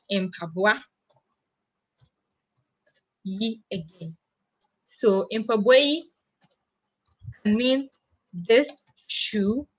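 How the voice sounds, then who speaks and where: Patient woman teaching a language lesson. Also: medium pitch. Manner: patient, explains step by step, asks and answers own questions.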